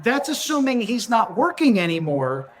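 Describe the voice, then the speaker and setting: A man's voice: extremely high pitch, very animated, moderate pace. A man on a podcast as a guest, explaining betting and taxes in a matter-of-fact casual way. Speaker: podcast guest, racing handicapper. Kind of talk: casual chat.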